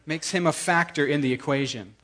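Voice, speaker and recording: A male preacher with a notably high-pitched voice delivers a sermon. He talks in a lively, emphatic way, circling back and repeating words for force. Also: brisk.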